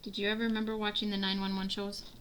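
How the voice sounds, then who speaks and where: A woman's voice: little pitch movement, fast, a bit bright, a little hiss or hum. A woman vlogger chatting casually while she crafts, rambling and laughing often. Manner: acts out family quotes in a high voice. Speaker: diamond painting vlogger.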